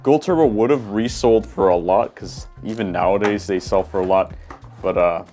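Low-voiced man chatting through an unboxing. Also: moderate pace, faint music behind. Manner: relaxed, chatty, many ums and uhs. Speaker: toy collector reviewer. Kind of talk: casual unboxing commentary. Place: at a small table indoors.

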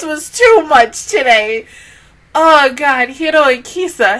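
Bright, lively emotional woman reviewer. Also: high-pitched, measured pace. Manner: tearful, emotional, swearing, exclaiming. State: crying. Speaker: anime reaction host.

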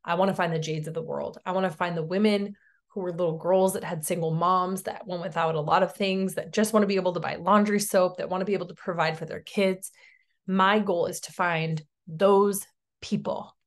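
A woman's voice: on the low side, steady tone, a little fast. Chatty woman coaching her sales team. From Tennessee, USA. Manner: chatty, encouraging, checks in with "okay?". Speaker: network marketing team leader. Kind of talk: recorded sales training talk.

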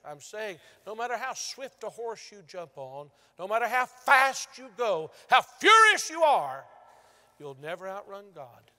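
A male pastor preaching a sermon, telling stories and moving from loud to hushed. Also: fairly high pitch. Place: large church sanctuary. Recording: long church reverb.

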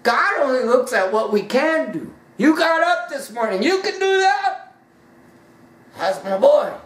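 A woman preaching a sermon emphatically, swinging from loud high peaks down to hushed drops. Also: lively intonation, moderate pace. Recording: roomy sound from a distant mic.

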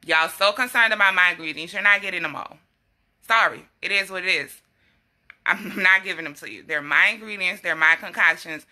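A young woman, talking bluntly and casually to her followers, animated and quick to laugh. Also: lowish voice. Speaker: herbal health vlogger. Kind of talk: casual straight-talking live chat.

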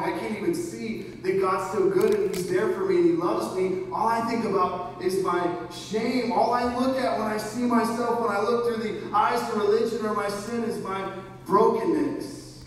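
A man with a high voice preaches a sermon as pastor at a moderate pace, earnestly posing questions to the congregation and frequently restarting his words. It's recorded in an echoey church hall, his voice distant, with faint noise.

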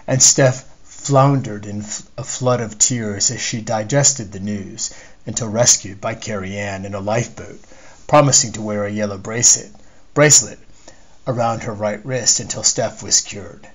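A man, the author, reading a chapter of his novel aloud in measured storytelling narration. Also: fairly low pitch, rough recording. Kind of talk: scripted narration.

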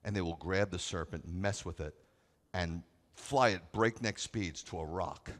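A man preaching a sermon to a congregation, moving between quiet conversational asides and loud, emphatic scripture readings. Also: deep voice, measured pace. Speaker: rabbi preaching. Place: congregation sanctuary.

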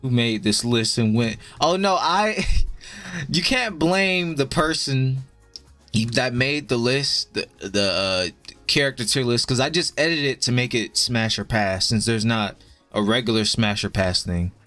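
A young man streams over faint background music, talking slowly to his viewers. His verdicts are blunt and profane, and he tosses them off with a laid-back drawl at a middle pitch. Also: sharp tone. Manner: chatty with viewers. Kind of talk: casual live-stream commentary.

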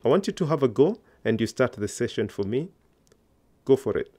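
A man's voice: mid-range voice, sing-song, fairly quick, mellow, slightly rough. A man teaching a Swahili lesson online, explaining grammar step by step and encouraging learners to repeat after him.

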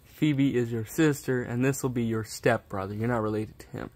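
A man hosts a homemade puppet comedy in a middle-pitched, everyday voice. He rambles through explanations in a casual, offhand way. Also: steady tone, normal speed, darkish tone.

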